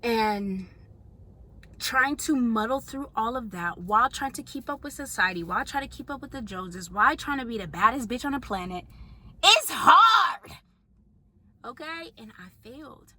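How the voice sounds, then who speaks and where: A young woman vlogger talking straight to camera in a casual monologue, blunt and profane, jumping between loud outbursts and hushed asides. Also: a little high, moderate pace.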